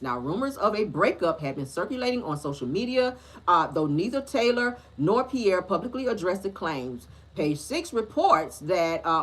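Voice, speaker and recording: A woman hosting a casual celebrity gossip show, talking in a sassy, slangy, animated way with a husky voice. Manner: animated, sassy, slangy, lively pitch swings.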